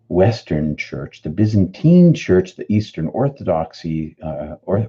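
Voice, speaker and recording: A man from the Boston area speaks in an earnest, reflective way, teaching spiritual ideas on a live stream and pausing to answer viewers by name. His voice sits low, with a very mellow, husky tone. The sound is a little dull and lo-fi. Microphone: studio microphone.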